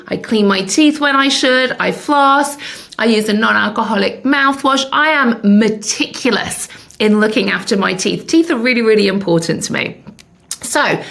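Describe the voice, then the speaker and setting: A woman's voice: a little high, gravelly, a bit bright. A woman in her fifties hosting a podcast, telling a personal story candidly with self-mocking humor. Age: 50s. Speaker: podcast host.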